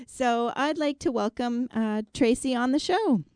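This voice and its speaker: A woman's voice: a little high, unhurried, darkish tone, clean tone, no room sound. A middle-aged woman hosting a talk show in a chatty, rambling way, full of fillers and restarts. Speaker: radio show host and landscape designer. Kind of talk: casual talk-show chat.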